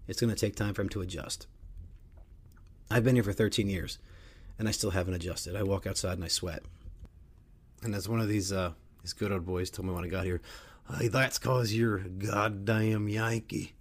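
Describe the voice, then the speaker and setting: A middle-aged man hosts a casual sports podcast with a rambling, joking delivery. He swears freely, and his voice sits slightly low. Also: husky. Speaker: podcast host.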